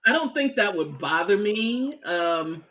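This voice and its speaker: Lively-toned, candid woman co-host. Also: mid-range voice, unhurried, very noisy. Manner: chatty and candid, lots of fillers. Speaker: podcast co-host. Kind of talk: casual chat.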